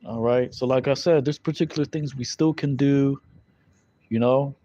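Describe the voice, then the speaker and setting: A man's voice: medium pitch, steady tone, moderate pace, warm tone. A man teaching scripture in a loose, conversational way, full of fillers and tag questions. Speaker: Bible teacher. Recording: dull lo-fi recording.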